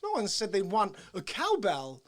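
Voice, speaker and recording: A man doing an impression of a male movie actor with halting, oddly phrased speech. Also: high-pitched, wildly swooping pitch. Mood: deadpan.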